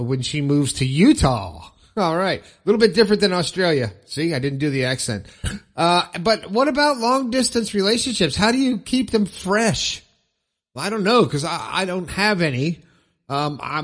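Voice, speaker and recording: Chatty upbeat guy hosting a podcast, kinda high voice, rambles and laughs at himself. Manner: upbeat, rambling, chuckles at own jokes. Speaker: podcast host. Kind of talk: casual podcast chat with ad reads.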